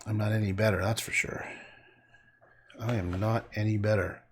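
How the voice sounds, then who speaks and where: A man's voice: fairly low pitch, fairly even intonation, moderate pace, slightly rough. A man painting on a livestream, rambling, joking and swearing as he talks to his chat.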